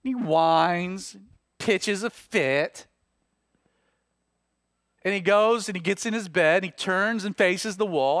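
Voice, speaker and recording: A man preaching an expository sermon, explaining a passage in an animated, conversational way with informal asides. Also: high-pitched, slow pace, long pauses, no room sound, studio quality. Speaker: pastor.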